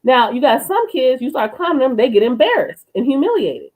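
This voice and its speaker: Animated woman, blunt and lively. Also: sits high, fairly quick, rough recording. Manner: blunt, animated storyteller who swears freely. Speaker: co-host, youth worker. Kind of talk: casual podcast conversation.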